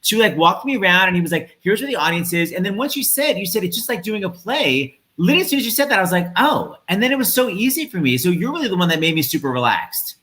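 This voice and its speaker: Fast, bright-voiced man hosting a live stream. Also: high-pitched. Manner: quick, animated storytelling. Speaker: host. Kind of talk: casual chat on a live stream.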